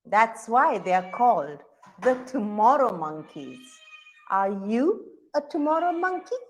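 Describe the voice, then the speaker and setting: A woman's voice: on the high side, very animated, a little slow. A woman telling a children's story aloud, with sound effects and questions for the audience.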